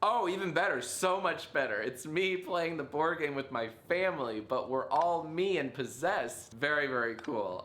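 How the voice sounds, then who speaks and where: A man in his thirties, a streamer giving casual, jokey reaction commentary with quick asides. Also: fairly high pitch, animated, a bit bright, reverberant. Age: 30s.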